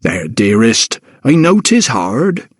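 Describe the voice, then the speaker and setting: A man's voice: mid-range voice, animated, moderate pace, husky, no echo, studio quality. A man voicing a smug, broad-shouldered male household servant who mutters and needles the others. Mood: tender.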